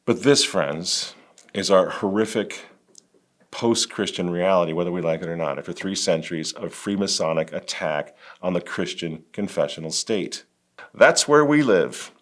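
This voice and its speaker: A man's voice: sits low, moderate pace, fairly bright tone. A man hosting a religious political commentary, talking emphatically with biting sarcasm and wry laughs. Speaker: host.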